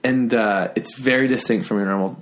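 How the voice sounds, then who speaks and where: A man's voice: mid-range voice, steady tone, a little fast. A man hosting a podcast, teasing his guest and rambling through his explanations. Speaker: podcast host. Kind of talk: casual podcast chat.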